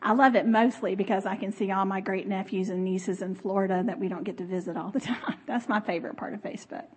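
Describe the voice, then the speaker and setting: A middle-aged woman giving a conversational sermon, expressive, laughing often and talking with the audience. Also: mid-range voice, fast talker, slightly rough. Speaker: speaker.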